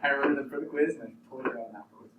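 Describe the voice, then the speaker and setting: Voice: medium pitch, very fast, phone-quality sound. A student joking and chatting during a calculus class. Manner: animated, joking. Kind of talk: classroom banter. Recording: roomy classroom, distant mic, clear noise.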